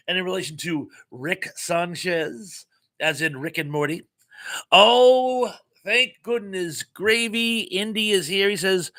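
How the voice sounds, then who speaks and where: A middle-aged American man hosting a live chat stream. He has a bright voice pitched a little above the usual for a man, and he reads viewers' comments aloud in a chatty, jokey way. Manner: chatty and jokey, laughing often.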